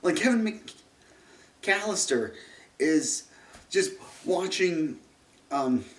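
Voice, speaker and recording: A man rants through a movie review in a slow, rambling way, stopping and restarting, with a sarcastic edge and a voice that swings widely in pitch. He sounds far from the mic, in a roomy, echoing space. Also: expressive. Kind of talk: ranting film review vlog. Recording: roomy echo, distant mic.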